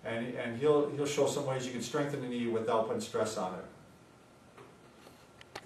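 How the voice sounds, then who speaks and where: A man talks through knee exercises like a physical therapist, relaxed and conversational, dropping in plenty of filler words. His voice sits at an ordinary middle pitch. The room is echoey and he is a little way from the mic. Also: unhurried, a little hiss or hum. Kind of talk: casual instructional talk. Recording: roomy sound, mic at a distance.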